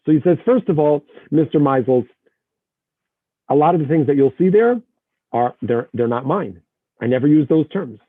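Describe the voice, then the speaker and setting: A man's voice: a little high, no echo. A man teaching an online text-study lesson over a video call, reading passages aloud and translating them line by line. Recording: dry, narrow phone-like video call audio.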